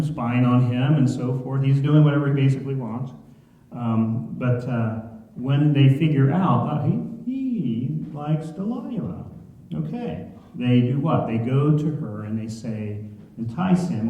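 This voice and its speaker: A man's voice: mid-range voice, warm tone. Man teaching in an echoey church. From Ohio. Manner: conversational, asks the room questions. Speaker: pastor leading Bible study. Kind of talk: church Bible study teaching. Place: church sanctuary. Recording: echoey church hall, dull sound.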